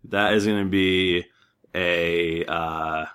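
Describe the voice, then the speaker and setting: A man's voice: low voice, fairly even intonation, drawn-out words, background noise. A man running a tabletop game as game master, joking with his players.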